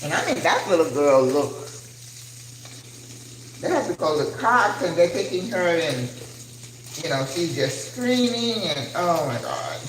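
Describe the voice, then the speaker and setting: An older woman chats animatedly while she cooks in her home kitchen, hosting a casual livestream. She talks at an unhurried, drawn-out pace. The room sounds echoey, with sizzling and frying clearly heard behind her. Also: fairly low pitch, a little hiss or hum. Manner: chatty, animated, reads viewer comments aloud. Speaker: cooking channel host. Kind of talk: casual cooking livestream chat.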